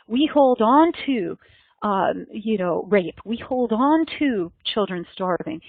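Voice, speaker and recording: A woman's voice: on the high side, no room sound. A woman leading a meditation gathering, speaking in an earnest, flowing way that often repeats and restarts phrases. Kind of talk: meditative spiritual talk. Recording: dry, tinny phone-like sound.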